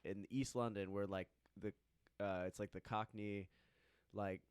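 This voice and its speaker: A man's voice: fairly low pitch, fairly even intonation, unhurried, a little mellow, clean tone, no room sound, clean studio sound. A young man from Wisconsin in the US chatting casually as a guest, telling rambling stories and quoting people. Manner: rambling storyteller, quotes people in voices. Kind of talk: casual chat. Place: studio.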